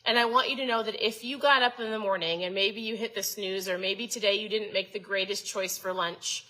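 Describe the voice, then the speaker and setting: A woman in her thirties with a bright, clear-toned voice, talking casually to her viewers. She speaks in a chatty, coaching way and keeps turning to them with questions. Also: medium pitch, steady tone, brisk, poor audio. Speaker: host. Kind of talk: casual motivational talk to viewers.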